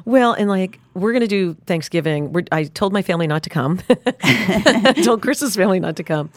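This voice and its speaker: A woman co-hosting a podcast in casual chat, encouraging and quick to affirm. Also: mid-range voice, expressive, dry recording. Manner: encouraging listener, frequent affirmations. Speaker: podcast co-host.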